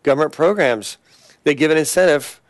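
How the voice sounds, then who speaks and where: A man's voice: on the high side, a little fast, no room sound. A man speaking as an interview guest, earnest and listing his points steadily. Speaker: guest, attorney organization leader. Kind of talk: casual interview chat.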